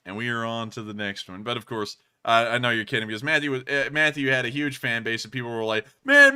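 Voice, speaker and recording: A man's voice: mid-range voice, bright, forceful tone, smooth. A man hosting a casual livestream, rambling and laughing often, thanking viewers with stock phrases. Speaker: livestream host.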